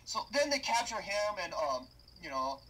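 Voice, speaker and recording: A young man tearing into a bad film in a profane comedic rant. His voice is bright and forceful, and he talks in loud, exasperated bursts full of cursing. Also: high-pitched, sing-song, normal speed, a little hiss or hum, poor audio. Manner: loud, exasperated, heavy swearing. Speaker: movie reviewer.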